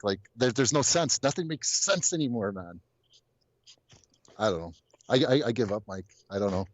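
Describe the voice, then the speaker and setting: A man's voice: medium pitch, animated, moderate pace, long pauses, no room sound. Blunt exasperated man caller. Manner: blunt, exasperated, stammering restarts. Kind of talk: casual call-in chat.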